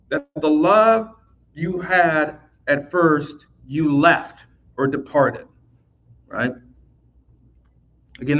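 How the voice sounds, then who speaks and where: A man explaining scripture in a loose, talky teaching style, repeating words as he goes and tossing in "right?" to check on his listeners. His voice sits a little high for a man. The recording sounds dull and lo-fi. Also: fairly bright tone. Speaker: Bible teacher. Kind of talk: recorded Bible lesson.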